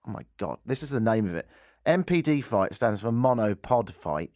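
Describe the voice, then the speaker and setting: A man's voice: medium pitch, sing-song, a little fast, darkish tone, dry recording. A man with a Canadian accent hosting a talk radio show, mocking the news with dry humor. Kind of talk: sarcastic talk radio monologue. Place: radio studio.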